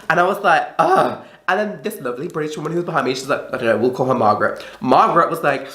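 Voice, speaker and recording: A woman's voice: sits low, very animated, fast talker, fairly bright tone. A young woman telling a story in a casual, chatty vlog, swearing often and acting out the people she quotes. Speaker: vlogger. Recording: echoey room.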